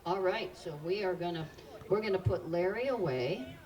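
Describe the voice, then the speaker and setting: A woman's voice: on the low side, animated, moderate pace, a little mellow, distant mic, muffled recording. A woman presenting live animals to children at an outdoor park show, quizzing the audience in an upbeat way.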